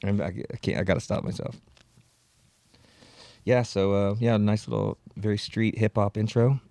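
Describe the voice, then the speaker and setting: A man's voice: on the low side, normal speed, dark tone, dry recording, clean studio sound. A man hosting his solo podcast, rambling and self-mocking in casual chat, on a podcast microphone. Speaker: podcast host. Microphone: podcast audio equipment.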